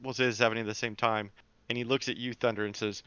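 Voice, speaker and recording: A man narrating as game master of a tabletop game, slow and unhurried, with frequent ums and laughs. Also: medium pitch, level tone, dull audio, background noise.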